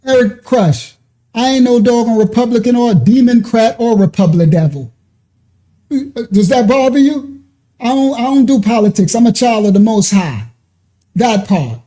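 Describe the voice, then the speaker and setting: A man's voice: high voice, normal speed, mellow. A man hosting a ministry channel, reacting to a clip and talking straight to commenters, laughing often.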